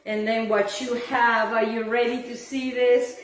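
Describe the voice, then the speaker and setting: A woman's voice: fairly high pitch, flat delivery, unhurried, recorded from a distance. A woman hosting a home cooking demonstration in her kitchen, talking in a gushing, effusive way and now and then singing her words. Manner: effusive, gushing, sometimes sings phrases. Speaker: cooking show host. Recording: echoey room with faint background noise.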